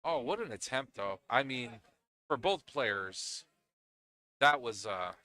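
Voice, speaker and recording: A man's voice: mid-range voice, lively intonation, slow pace, sharp tone. A man with a Northeastern Pennsylvania accent giving chatty live commentary on a pool match, often laughing and restarting his phrases.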